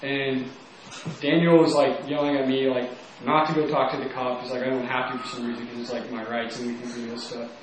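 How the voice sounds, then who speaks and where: A man's voice: medium pitch, level tone, a little fast. Young man telling his story in an echoey room. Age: young adult. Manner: casual, rambling, heavy use of "like". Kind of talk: personal testimony. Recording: very echoey room, mic at a distance.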